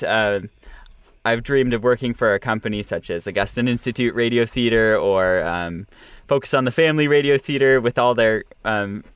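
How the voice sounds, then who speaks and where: A man's voice: medium pitch, a bit bright, clean tone, no room sound. A young man, an audio producer and director, talking in a casual interview with many fillers and restarts. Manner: halting, many fillers and restarts, laughs often.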